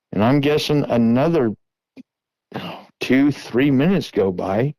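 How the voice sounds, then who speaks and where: A middle-aged man earnestly retelling a tense encounter in the first person, now and then shouting out the calls he made. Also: medium pitch, creaky, dry recording, poor audio. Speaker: guest recounting an encounter.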